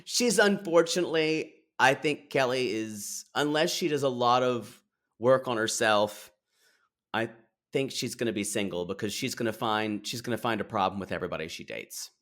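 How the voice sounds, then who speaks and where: A man co-hosting a podcast in casual chat about a reality show, opinionated, with quick quips. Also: a bit bright. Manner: opinionated, quick quips, squeaky impressions of people. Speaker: podcast co-host.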